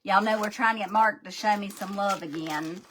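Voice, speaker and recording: A woman's voice: medium pitch, normal speed, fairly bright tone, slight background noise. A woman hosting a live craft demo, folksy and a bit scatterbrained as she talks straight to her viewers. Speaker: crafting livestream host.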